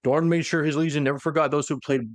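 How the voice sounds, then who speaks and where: A man with a slightly high voice, a podcast co-host, casually recaps the lore of a novel in clean studio sound with no room sound. He's animated, acting out the characters' lines in quick voices.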